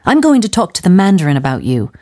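A woman's voice: on the low side, big pitch swings, fast talker, darkish tone. A woman voicing a determined, outspoken missionary woman who speaks firmly and with authority. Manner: firm and commanding.

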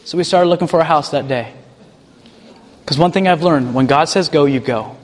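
A man who leads a ministry tells a personal testimony in an animated way and chuckles as he goes. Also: a little high, normal speed, big-room sound. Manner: animated, chuckles while telling stories. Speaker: ministry leader.

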